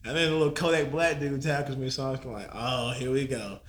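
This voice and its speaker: A man's voice: medium pitch, fairly even intonation, fairly quick, roomy sound, slight background noise. A man casually telling a story on a podcast, laid-back and slangy, laughing and swearing as he goes. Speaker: podcast guest.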